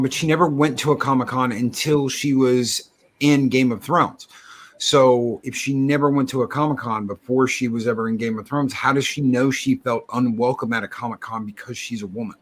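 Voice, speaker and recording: Skeptical man, middle-pitched, stammering. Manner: skeptical, argumentative, stammers on restarts. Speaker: guest. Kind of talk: casual fan chat.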